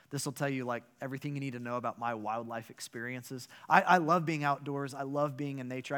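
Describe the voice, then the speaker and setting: Bright-voiced man preaching. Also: mid-range voice. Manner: animated, emphatic storytelling with rhetorical questions. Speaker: pastor. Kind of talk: sermon.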